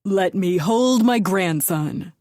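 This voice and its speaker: Woman doing a domineering gruff old grandfather. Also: low voice, a little slow, darkish tone, no room sound, clean studio sound. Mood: bellowing. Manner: bellowing, contemptuous. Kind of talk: audiobook character voice.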